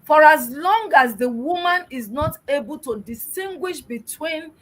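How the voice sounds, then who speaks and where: A middle-aged woman from Nigeria speaks as a guest in an interview. Her voice sits a little high, and she talks in an emphatic, exhorting way, often turning to rhetorical questions. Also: animated, a little slow, a bit bright, poor audio. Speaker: guest, public relations expert. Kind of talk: interview answers, motivational.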